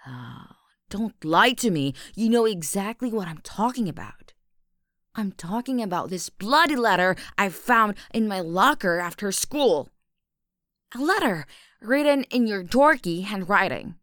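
A young woman taunts the listener in an audio role-play, mocking, aggressive and full of swearing. She speaks slowly, with a pitch that rises and falls sharply. Her voice sits close and dry on the mic. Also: lively intonation, a bit bright, no room sound. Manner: aggressive, mocking, profane bully.

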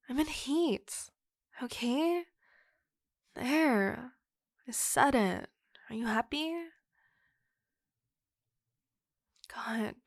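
Voicing a muscular wolf-girl monster in an audio role-play, a woman comes across as frustrated, flustered and forward at once. Her fairly high voice is slow and gravelly with breathy whispers, recorded dry in a clean studio.

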